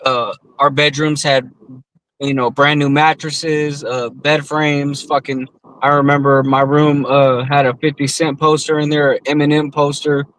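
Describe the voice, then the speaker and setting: A man's voice: on the high side, flat delivery, measured pace, a bit bright, rough recording. A man in his thirties from the US West Coast, co-hosting a podcast and telling a long, profane story among friends with lots of fillers. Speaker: podcast co-host.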